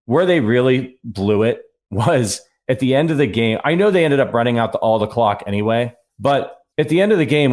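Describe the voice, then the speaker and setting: A man's voice: medium pitch, a little mellow. A man co-hosting a sports podcast, rambling with fillers and exasperated questions. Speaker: podcast co-host. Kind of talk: casual sports podcast chat.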